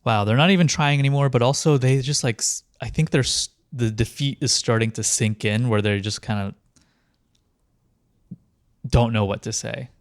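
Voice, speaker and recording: A man's voice: mid-range voice, fairly even intonation, moderate pace, pauses often, no room sound, studio quality. A man co-hosting a podcast, chatting about politics in a rambling, sardonic way with lots of fillers. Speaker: podcast co-host. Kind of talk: casual political chat.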